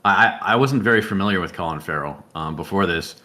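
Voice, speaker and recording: A man's voice: low-pitched, a little fast, pushed and bright. A man co-hosting a casual podcast, speaking hesitantly and often repeating words. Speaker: podcast co-host. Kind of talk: casual chat.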